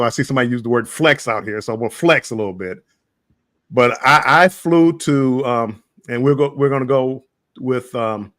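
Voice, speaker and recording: A man's voice: mid-range voice, fairly bright tone, no room sound, clean studio sound. An American man telling travel stories in a casual livestream chat, often repeating his words as he starts. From United States. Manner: halting, repeats words, chuckling storyteller. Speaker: guest.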